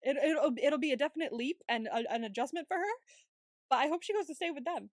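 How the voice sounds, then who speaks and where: Speaking fast with lively intonation and a high-sitting voice, a woman co-hosts a podcast in clean studio sound without echo. Her casual recap of a series is animated, freely profane, and full of character impressions.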